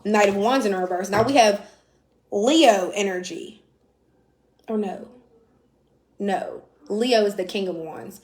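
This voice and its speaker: A woman's voice: mid-range voice, slow, pauses often, a little mellow, roomy sound. A woman giving a casual, blunt live tarot reading, chatty and swearing now and then. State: out of breath. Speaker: tarot reader.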